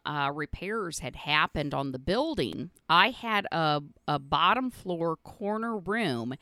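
A middle-aged woman hosts her own podcast, telling casual stories in a blunt and profane way, often breaking into laughter. Her voice sits on the lower side yet sounds bright, and her pitch swings widely. The recording is dry and close. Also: no room sound. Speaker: podcast host. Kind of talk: casual storytelling monologue.

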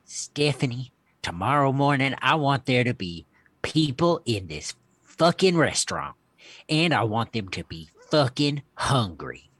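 A man's voice: medium pitch, big pitch swings, unhurried, a bit bright, breathy edge, exaggerated voice. Man impersonating a bossy restaurant grandma, put-on Southern drawl, barking orders, foul-mouthed. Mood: demanding.

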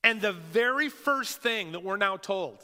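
Male pastor, slow emphatic sermon delivery, bright tone, reverberant church sanctuary. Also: sits high. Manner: animated preaching with emphatic pauses and rhetorical questions. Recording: long hall reverb.

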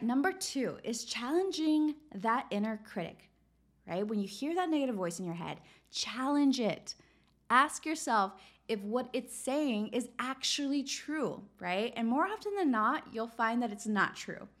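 A woman hosting a casual self-help podcast, talking in an encouraging way and often checking in with "right?". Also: a little high. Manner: encouraging, peppered with "right?" tag questions. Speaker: podcast host.

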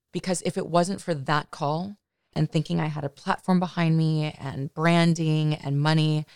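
A woman's voice: deep voice, clear, resonant tone, dry recording, studio quality. A woman podcast host telling a personal story in a candid, chatty way, often adding "you know" asides.

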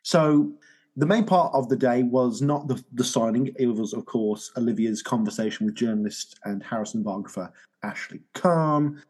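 A podcast host with a Birmingham English accent chats casually, with a husky edge to his voice. He is jokey and quick to laugh at himself. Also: medium pitch, a little mellow, poor audio. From England. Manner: self-deprecating, jokey. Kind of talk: casual chat.

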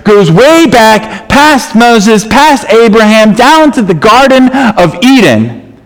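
A man preaching a sermon, reading scripture aloud and explaining it with emphatic, animated delivery. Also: high voice. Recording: long reverb in a large hall.

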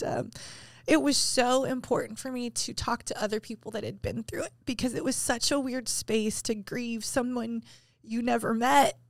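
A woman's voice: fairly high pitch, no room sound, clean studio sound. A woman in her thirties co-hosting a faith podcast, telling a painful personal story candidly and with emotion. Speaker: podcast co-host. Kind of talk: casual chat.

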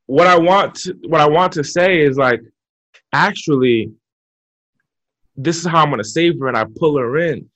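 A man giving motivational advice as a podcast guest, talking in an energetic coaching way with frequent repeats. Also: fairly high pitch, moderate pace. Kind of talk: motivational interview talk. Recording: muffled lo-fi audio.

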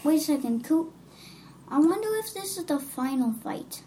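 A woman with a high voice plays a tabletop game. She is eager, declaring her character's actions and speaking to other figures in character. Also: animated, normal speed, warm tone, slight background noise. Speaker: player.

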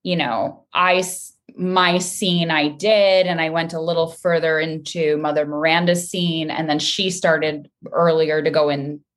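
A woman being interviewed as a guest actress, chatting lively and laughing often. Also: low voice, measured pace, hardly any pauses. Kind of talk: casual interview chat.

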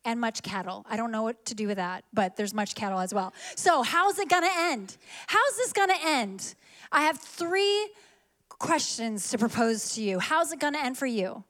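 A woman preacher giving an animated sermon and calling on the congregation to repeat lines after her. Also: on the high side, moderate pace.

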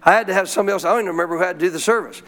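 A male pastor telling a story in a sermon, folksy and animated, often clearing his throat. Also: high-pitched, racing.

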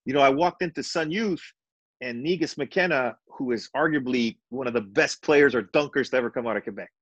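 Animated middle-aged storyteller, dry sound. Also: male voice, medium pitch, fairly quick, dry recording, highs cut off. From Montreal, Canada. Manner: animated, acts out dialogue in his stories. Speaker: retired basketball coach, guest. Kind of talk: storytelling in a podcast interview.

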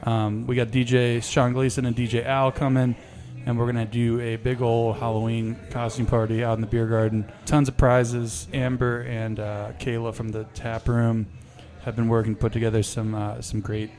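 A man's voice: medium pitch, level tone, moderate pace, hardly any pauses, darkish tone. A man co-hosting a brewery podcast, chatting casually and running through upcoming events.

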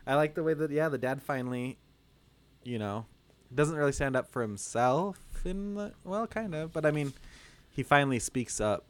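A man co-hosting a casual film podcast, relaxed and quick to laugh. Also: on the high side. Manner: relaxed, laughs often, trails off. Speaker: podcast co-host.

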